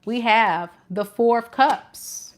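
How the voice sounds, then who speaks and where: A woman giving a live tarot reading, talking in an animated, casual and slangy way. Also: a little high, slow. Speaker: tarot reader.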